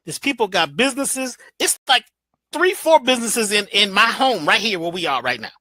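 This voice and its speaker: A man giving an animated motivational talk as a guest, preachy and emphatic in a colloquial way, playing with his voice. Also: high-pitched, moderate pace, no room sound. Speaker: guest speaker.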